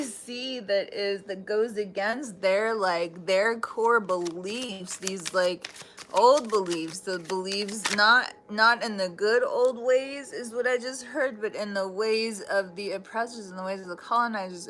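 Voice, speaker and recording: A woman's voice: medium pitch, fairly bright tone, slight background noise. A woman giving a casual live tarot reading, chatty and blunt, swearing freely and breaking off into laughs. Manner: restarts and trailing thoughts. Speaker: tarot reader.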